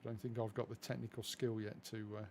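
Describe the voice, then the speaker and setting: A man's voice: on the low side, flat delivery, fast, creaky, darkish tone, slight background noise. A man from England chatting casually through a flight simulator live stream, self-deprecating and easily distracted.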